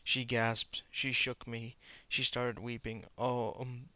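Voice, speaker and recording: A man reads a piece of fan fiction aloud in a smooth, clear voice, tripping over words and restarting lines as he goes. His tone stays fairly flat, and the dry sound has no room echo. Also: medium pitch. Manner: halting, stumbling reading with many restarts. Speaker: reader.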